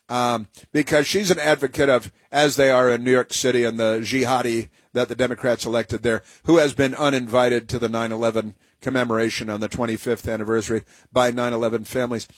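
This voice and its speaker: A man's voice: medium pitch, steady tone, brisk, slightly rough, no room sound. A male talk radio host speaking in a rambling, sarcastic monologue full of fillers and restarts.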